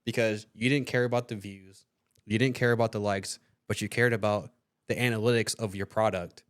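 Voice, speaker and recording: A man's voice: lowish voice, fairly even intonation, fairly quick. A young man hosting a podcast, telling a story in casual chat, swearing freely and acting out the voices of people he quotes. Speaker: podcast host.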